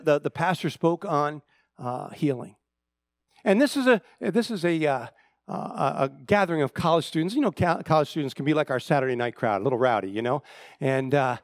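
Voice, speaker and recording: A middle-aged male pastor delivers a sermon in a fairly high voice. He retells a story with stumbling repeats and swings from loud, emphatic rises to near-hushed drops. The sound is close and dry. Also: no room sound.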